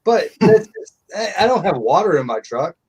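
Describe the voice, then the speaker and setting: A man's voice: high-pitched, very animated, normal speed, a little mellow, slightly rough. A middle-aged man telling stories in casual live-stream chat, blunt and profane.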